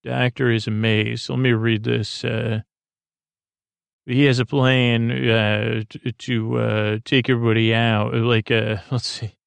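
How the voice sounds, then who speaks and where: A man hosting a bedtime podcast, retelling a TV episode in a halting, rambling way with many fillers and restarts. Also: medium pitch, little pitch movement, gravelly, clean tone, no room sound. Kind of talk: sleepy rambling recap.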